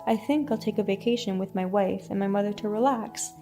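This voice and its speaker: A woman reading a first-person story in an even, scripted narration. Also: medium pitch, brisk, music in the background.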